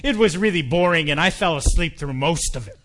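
A man playing a polite little bald-headed old man who gives blunt criticism in a quick, courteous voice. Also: a little high, animated, a bit bright, slight background noise. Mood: politely blunt.

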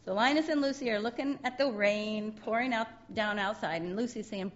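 A woman's voice: on the high side, brisk, few pauses, muffled recording. A woman giving a sermon in a chatty, conversational way, often breaking into laughter.

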